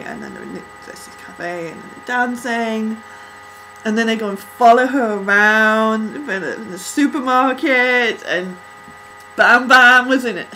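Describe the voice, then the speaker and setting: A young-sounding woman with a bright, sharp tone records an excited audio reaction. She gushes and stumbles over her words and is audibly out of breath. Faint hum sits underneath. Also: fairly high pitch, poor audio. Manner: excitable, gushing, flustered. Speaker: fan reacting to a music video.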